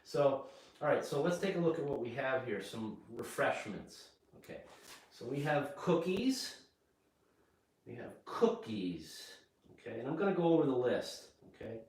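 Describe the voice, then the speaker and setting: A man teaching English at home, speaking slowly and plainly and checking in with "okay?" after nearly every phrase. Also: mid-range voice, big pitch swings, darkish tone. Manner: slow and repetitive, checks in with "okay?". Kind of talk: slow spoken English lesson. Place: home kitchen. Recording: echoey room, mic far off.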